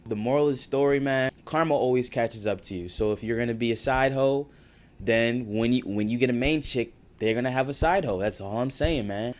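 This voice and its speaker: A young man in his twenties telling a story to camera in an animated, slangy, casual way. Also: mid-range voice, fairly quick. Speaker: vlogger.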